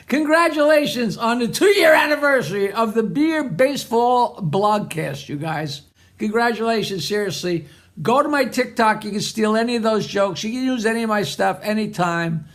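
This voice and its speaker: A man's voice: sits high, lively intonation, unhurried, a bit bright. A man, a stand-up comedian, telling jokes in a recorded message and laughing at his own punchlines.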